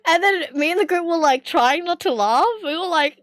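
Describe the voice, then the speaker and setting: A woman's voice: high voice, normal speed, no echo, studio quality. A young woman with an Australian accent telling a story to her stream in a casual, rambling way, with many fillers and bursts of laughter. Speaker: livestreamer.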